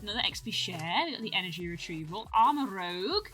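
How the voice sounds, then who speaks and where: A woman streaming, chatting casually as she opens trading cards, breaking into excited exclamations. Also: mid-range voice, quick pace, soft background music. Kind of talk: casual live-stream card-opening commentary.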